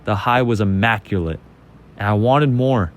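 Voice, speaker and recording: A young man telling a casual personal story over gameplay, excitable and rambling, often repeating his phrases. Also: lowish voice, normal speed, a little hiss or hum. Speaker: channel host.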